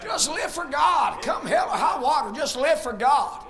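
Fiery high-voiced shouting preacher man. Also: sing-song, a little slow, a crowd in the background. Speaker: pastor. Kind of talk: sermon.

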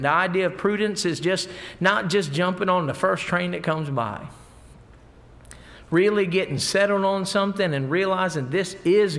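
A man's voice: high voice, fairly bright tone. A middle-aged man preaching a folksy sermon, mixing scripture with stories. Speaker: pastor.

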